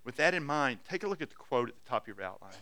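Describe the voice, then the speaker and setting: This pastor's sermon comes fast and sing-song in a mid-range male voice. He earnestly presses his congregation, moving between loud exhortation and hushed, intimate asides with many restarts.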